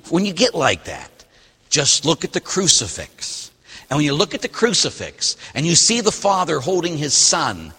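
A man preaching a Catholic sermon and reading scripture, animated, swinging between loud emphasis and quiet, slowed phrases. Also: on the high side, husky, in a large hall. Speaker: Catholic priest.

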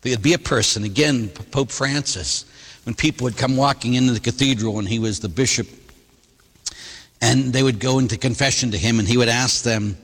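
A man, a priest, giving a sermon and telling stories in an animated way, acting out the people he quotes. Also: medium pitch, fairly quick, slightly rough, in a large hall. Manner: animated storytelling, voicing others in quotes.

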